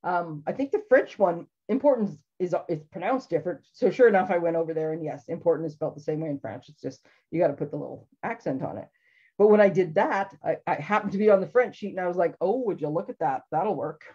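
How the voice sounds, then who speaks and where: A woman's voice: on the low side, lively intonation, fast talker, dark tone, breathy edge, lo-fi sound. A woman hosting a casual live craft demonstration from her home craft room, chatty and rambling, laughing often. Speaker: craft show host.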